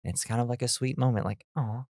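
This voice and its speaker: A man's voice: medium pitch, rapid-fire, vocal fry, a little mellow, no room sound, clean studio sound. A man co-hosting a movie podcast, casually retelling a film's plot with jokes. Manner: laid-back, jokey retelling of plot. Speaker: podcast co-host. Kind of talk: casual movie recap chat.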